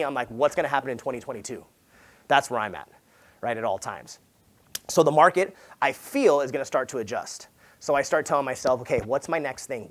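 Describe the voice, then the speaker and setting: A man, a real estate agent, giving a motivational talk at a sales summit. He tells stories casually, acts out conversations and swears along the way. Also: mid-range voice. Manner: animated, acts out conversations in quoted voices; casual and slangy, swears, says dude. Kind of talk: motivational conference talk, storytelling.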